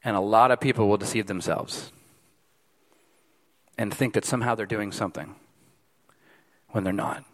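A man preaching a sermon as pastor, emphatic, swinging from loud peaks to hushed lines. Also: on the low side, fairly even intonation, moderate pace, long pauses. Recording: long hall reverb.

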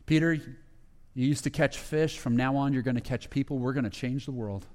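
A preacher voicing a calm, earnest teacher. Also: male voice, mid-range voice, brisk, voice pushed down, natural voice.

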